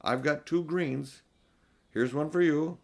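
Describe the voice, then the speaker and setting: A man's voice: fairly high pitch, slow pace, creaky, a little mellow, pitched above the performer's own voice, full character voice. Diggory, an old man voicing an eager young boy. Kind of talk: storybook reading.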